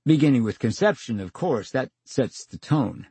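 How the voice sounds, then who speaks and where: An older man spins anecdotes on a radio show, his pitch swinging animatedly as he acts out each exchange. His voice has a slightly husky edge. The studio sound is dry and close. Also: expressive, moderate pace, mellow, dry recording. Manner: theatrical storyteller, acts out dialogue, wry. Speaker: radio interview guest. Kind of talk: storytelling in a radio interview.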